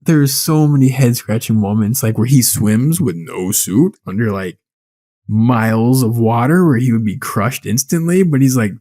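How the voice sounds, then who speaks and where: Animated, swearing podcast co-host man. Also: medium pitch, normal speed. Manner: animated, swearing, incredulous storytelling. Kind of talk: casual movie review chat.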